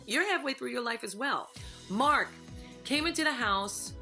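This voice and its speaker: Sassy, emphatic woman with a bright voice. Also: fairly high pitch, expressive, moderate pace, soft background music. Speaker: former housemate giving opinions. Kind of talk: recorded opinion piece to camera.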